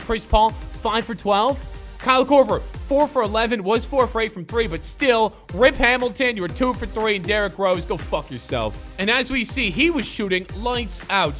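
A young man giving live commentary over a basketball video game, excitable and swearing as he plays. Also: sits high. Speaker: gaming YouTuber.

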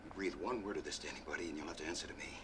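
Stern small-town lawman, deep, 1980s horror film, faint noise. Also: racing. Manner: stern, threatening.

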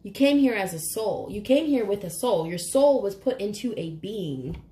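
A woman's voice: medium pitch, lively intonation, normal speed, dark tone, roomy sound. A woman giving a casual, emotional tarot reading to camera, choked up and swearing casually. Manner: chatty, emotional, swears casually, keeps saying "you guys". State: choked up, near tears. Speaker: tarot reader.

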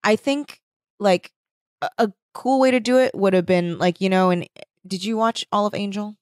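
A woman's voice: medium pitch, moderate pace, dry recording, clean studio sound. A woman co-hosting a podcast in casual chat, talking with lots of "like" fillers and acting out quotes. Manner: chatty, uses many "like" fillers, acts out quotes. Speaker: podcast co-host.

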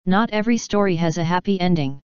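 A woman's voice: lowish voice, fast, a little mellow, clear, resonant tone, no room sound, lo-fi sound, lightly acted. A woman voicing a wary, skeptical young woman in a storybook reading, guarded in manner.

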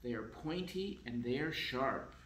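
A man's voice: mid-range voice, expressive, unhurried, a bit bright, echoey room, a little hiss or hum, poor audio. A man reading as a proud little vampire boy. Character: young boy vampire, proud of his fangs.

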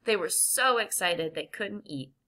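A woman reading a children's chapter book aloud with clear, gentle emphasis. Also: medium pitch, lively intonation, a little slow. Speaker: audiobook reader. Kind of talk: children's storybook narration.

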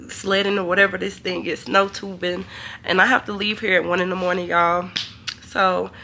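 A woman's voice: medium pitch, bright, forceful tone, slight background noise. A young woman, talking to camera in a hotel room, chatty and emotional. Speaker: vlogger. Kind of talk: casual vlog talk to camera.

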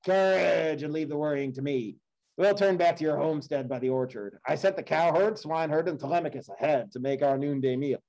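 A man reading as Odysseus, steady warrior king. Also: a little high, fairly quick, close to an everyday voice, rough recording. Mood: reassuring. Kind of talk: read-aloud epic poem dialogue.

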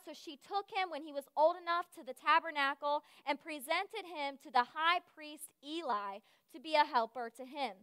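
High-voiced woman telling a sermon story. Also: no room sound, studio quality. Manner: lively storyteller acting out quoted voices. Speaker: speaker at a church service.

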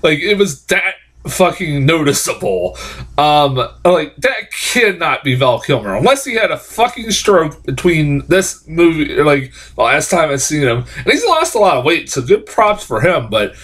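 A man's voice: fairly high pitch, very animated, measured pace, fairly bright tone. A man giving a casual, profane, rambling film review, exasperated and full of fillers.

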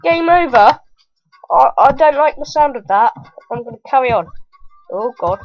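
High-voiced excitable woman gamer. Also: normal speed, muffled recording. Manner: excitable, exclaiming and yelling at the game. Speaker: gaming video host. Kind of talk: let's play commentary. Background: faint game music.

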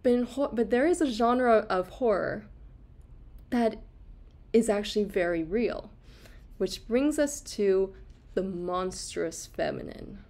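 A woman with a fairly high, slightly mellow voice and lively intonation hosts a casual art lecture on livestream, talking slowly with long pauses. She's chatty, laughs a lot, uses plenty of fillers and restarts, and responds to viewer comments along the way.

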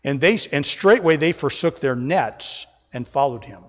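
A male pastor delivers an emphatic sermon in a slightly high voice. He keeps turning to the congregation as folks. The sound carries a long church-hall reverb. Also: animated, a little slow. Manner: emphatic preaching, often addressing the congregation as folks. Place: church sanctuary.

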